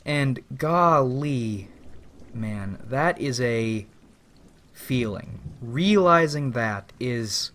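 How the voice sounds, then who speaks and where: Man, vlog monologue, rambling, philosophical, swears casually, medium-pitched voice. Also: lively intonation, drawn-out words, fairly bright tone, slight background noise. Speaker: vlogger. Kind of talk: reflective spoken monologue.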